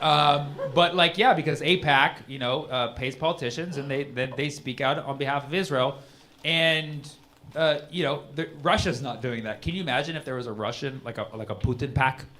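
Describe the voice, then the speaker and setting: A man's voice: mid-range voice, normal speed, heavy background noise. A man doing a stand-up set in a comedy club, talking loosely with many restarts. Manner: rambling, conversational, frequent restarts.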